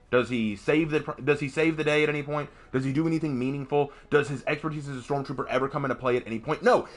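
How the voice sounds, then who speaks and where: A man streaming a game and commenting casually, ranting emphatically with frequent restarts. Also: fairly high pitch.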